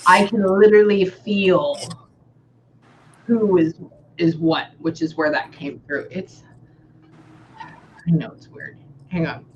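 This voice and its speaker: A woman with a Texan accent, a medium in a casual reading session, chatting and relaying messages, often pausing to say "hang on". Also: on the low side. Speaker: psychic medium. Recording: slightly dull audio with faint background noise.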